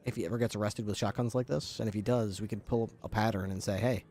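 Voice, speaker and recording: A man chatting casually while streaming a police role-play game, joking and thinking out loud. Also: lowish voice, fairly even intonation, quick pace. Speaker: streamer playing a police officer. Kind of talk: casual chat while gaming.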